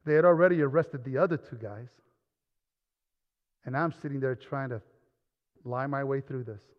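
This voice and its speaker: A male pastor telling a quiet personal story, then preaching with rising force. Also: medium pitch, normal speed. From New Rochelle, New York. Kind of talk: sermon. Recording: dull sound with long reverb in a large hall.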